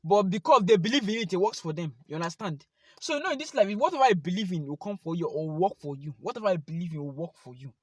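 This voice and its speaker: Young Nigerian man, vlogger, quick animated testimony, close dry sound. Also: sits high, husky, dry recording. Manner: animated, talks straight to viewers. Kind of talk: personal testimony to camera.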